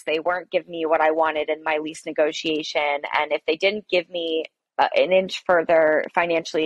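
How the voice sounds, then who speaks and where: A woman's voice: low-pitched, no echo. A woman coffee shop owner, a podcast guest telling her story in a candid, emphatic way. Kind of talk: podcast interview, personal storytelling.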